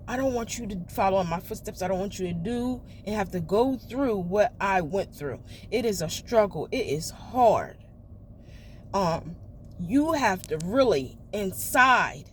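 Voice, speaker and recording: A woman's voice: mid-range voice, slight background noise. A woman, a mother, venting candidly and emotionally in a personal vlog recorded in her car, swearing freely. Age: adult mother of children. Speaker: vlogger. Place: parked car.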